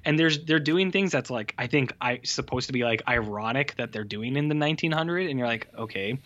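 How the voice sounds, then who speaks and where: A man's voice: medium pitch, fairly quick, fairly bright tone, muffled recording. A man co-hosting a podcast, griping about a film in casual, profane chat full of fillers. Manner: profane, exasperated, lots of fillers. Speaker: podcast co-host.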